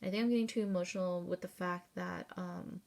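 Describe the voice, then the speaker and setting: Woman, 30s, gravelly, lowish voice, rambling candid vlog talk, tearful. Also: fairly even intonation, fast talker, darkish tone. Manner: rambling and candid, with fillers and swearing. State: tearful, close to crying. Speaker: vlogger. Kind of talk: casual personal vlog.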